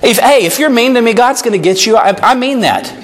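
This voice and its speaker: A man's voice: extremely high pitch, expressive, fairly quick. A male pastor preaching an earnest sermon to his church and reading scripture aloud. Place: church sanctuary.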